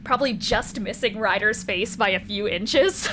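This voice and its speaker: A woman's voice: medium pitch, normal speed, fairly bright tone, slight background noise. A young woman narrating as game master in a casual way, with lots of laughter and fillers.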